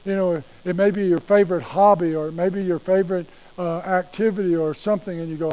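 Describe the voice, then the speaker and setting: A man's voice: high-pitched, steady tone, brisk, few pauses, dark tone, rough recording. A male pastor preaching a sermon in a folksy, conversational way, often repeating himself.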